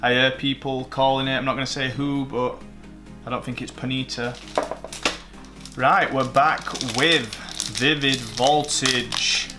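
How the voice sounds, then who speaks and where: A man who hosts a card-opening channel, chatting casually as he opens packs. He gets excited, swears and mocks himself. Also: mid-range voice, a little slow, over music.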